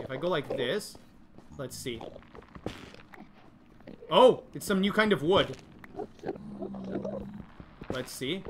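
A high-voiced man narrates a live game stream, swinging between nervous worry and excitable cheering as he addresses his chat. Steady background noise sits under his voice throughout the recording. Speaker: gaming livestreamer. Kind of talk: live gameplay commentary.

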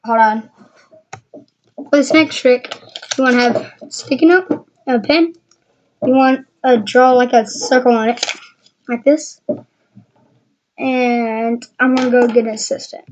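Higher-pitched woman, rambling how-to talk, dull lo-fi sound, faint hiss. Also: steady tone, takes it slowly, pauses often, a little mellow. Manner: rambling, hesitant, chatty. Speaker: magic trick demonstrator. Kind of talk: casual how-to tutorial.

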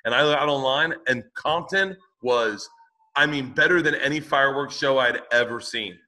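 A man in his forties with a mid-pitched, bright voice, spinning animated stories in casual podcast chat. He swears freely as he talks. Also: moderate pace. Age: 40s. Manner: animated, profane storyteller. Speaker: podcast co-host.

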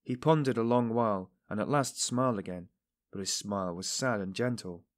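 A man narrating a novel as an audiobook in a measured, subdued way. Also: fairly low pitch. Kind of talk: scripted narration.

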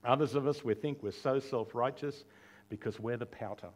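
Male pastor, mid-pitch voice, chatty sermon with jokes and acted-out quotes. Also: moderate pace. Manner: conversational preaching with rhetorical questions and humor; acts out quoted dialogue in storytelling.

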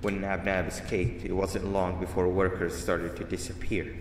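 A man voicing a grim male game character who guides the player in a low, serious and explanatory way. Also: flat delivery, moderate pace, close to an everyday voice. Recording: echoey, distant in-game audio.

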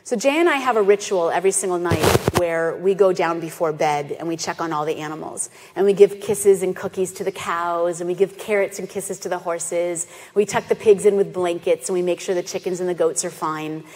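A woman's voice: fairly low pitch, brisk, few pauses. Woman telling a story in a reverberant hall. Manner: animated, acts out quoted voices. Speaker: animal sanctuary founder giving a talk. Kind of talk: storytelling presentation. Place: festival stage in a hall.

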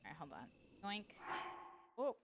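A young woman talks her way through a video game on a livestream, chatting loosely with viewers. She is excitable and profane, full of slang and teasing. Her voice sits at an ordinary middle pitch. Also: unhurried, heavy background noise. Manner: excitable, swears freely, playful slang. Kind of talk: casual gameplay chat with viewers.

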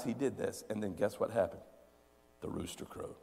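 A male preacher giving a sermon, repeating phrases emphatically and swinging between loud peaks and quiet, low stretches. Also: moderate pace, gravelly, husky, in a large hall.

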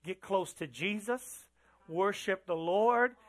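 Speaking slowly in a medium-pitched voice, a pastor delivers a church sermon conversationally, putting questions to the congregation and repeating phrases to drive points home.

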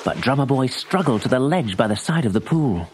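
A man narrating a children's story in an expressive, animated storytelling manner. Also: mid-range voice, fairly quick, background noise. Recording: story tape with music.

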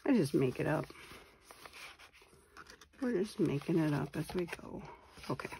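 Gravelly low-voiced woman chatting over crafts. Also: expressive, unhurried, noisy background. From Wisconsin, USA. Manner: chatty, mutters to herself while working. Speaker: papercraft channel host. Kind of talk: casual craft tutorial chat.

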